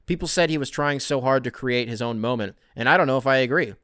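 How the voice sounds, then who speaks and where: A man's voice: mid-range voice, fast talker, a bit bright, no echo. A man hosting a casual solo podcast who answers listener emails in a rambling, profane, conversational way, close to the mic. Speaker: podcast host.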